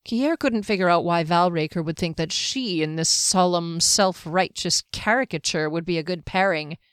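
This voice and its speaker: A woman narrating an audiobook in a steady, even storytelling manner. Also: lowish voice, normal speed, smooth, no echo, studio quality.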